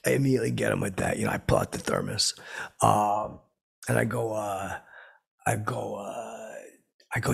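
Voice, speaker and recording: A man telling a long comedic story in a halting, boastful way, full of filler words and restarts. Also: fairly low pitch, lively intonation, vocal fry, breathy edge. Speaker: comedy character host. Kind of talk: rambling deadpan storytelling.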